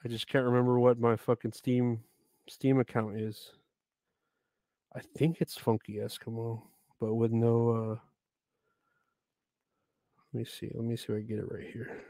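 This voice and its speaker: A man's voice: mid-range voice, flat delivery, measured pace, pauses often, dark tone, dry recording, studio quality. A man chatting casually on a live stream, rambling, swearing often and reading out names from the chat.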